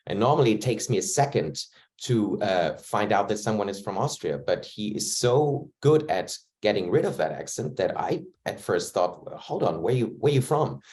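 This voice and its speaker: Man, low voice, thoughtful. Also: animated, a little mellow. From Germany. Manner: thoughtful, searching for words, measured. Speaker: actor. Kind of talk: reflective interview answer. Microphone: video call.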